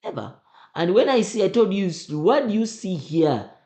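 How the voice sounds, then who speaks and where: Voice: medium pitch, big pitch swings, moderate pace, warm tone. A teacher going through exam questions, emphatic and often repeating questions back to the class. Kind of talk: exam revision lesson. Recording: roomy echo.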